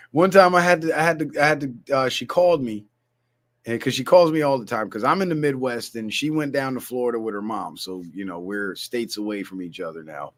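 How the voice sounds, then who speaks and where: A man's voice: mid-range voice, brisk. A middle-aged man hosting a livestream, telling stories in a loose, casual way with plenty of swearing. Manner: loose, swearing storyteller, animated asides. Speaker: livestream host.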